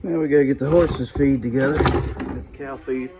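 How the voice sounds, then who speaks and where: A man's voice: medium pitch, fairly even intonation, moderate pace, over loud music. A man narrating his farm chores casually outdoors, chatting to and calling his animals while filming on a phone in his hand. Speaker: farm vlogger. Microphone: phone held in one hand. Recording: outdoor phone audio with noise.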